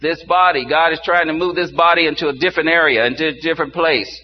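An older man preaching a sermon to his congregation, dropping low and quiet and then rising into loud exclamations. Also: steady tone, quick pace. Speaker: pastor. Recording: dull muffled sound with faint hum.

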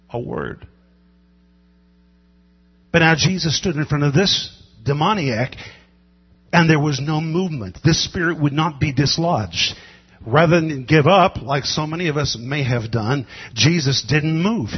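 A man preaching a sermon, building to loud emphatic cries and drawing out words for weight. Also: mid-range voice, breathy edge. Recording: lo-fi echoing hall with mains hum.

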